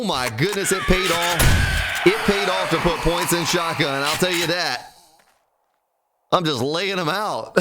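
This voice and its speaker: A hoarse man giving excitable live-stream commentary while playing a survival game, exclaiming often and breaking into snatches of song. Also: high voice, measured pace, pauses often, over loud music.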